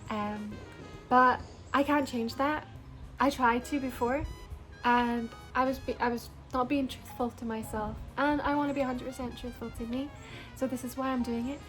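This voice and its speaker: A Scottish woman chats straight to her viewers in a personal vlog, bubbly and sincere. Her voice sits high and light. Soft music plays faintly behind her. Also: steady tone, moderate pace. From Scotland. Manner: bubbly and earnest, addresses viewers as "you guys". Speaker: beauty vlogger. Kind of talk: casual personal vlog to camera.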